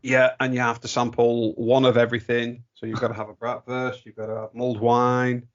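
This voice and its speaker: A man hosts a casual podcast in an upbeat, teasing way. His voice sits in a middle pitch. The recording sounds a bit dull and lo-fi. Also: a little fast. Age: 30s. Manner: upbeat, teasing, lively intros. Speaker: podcast co-host. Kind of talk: casual chat.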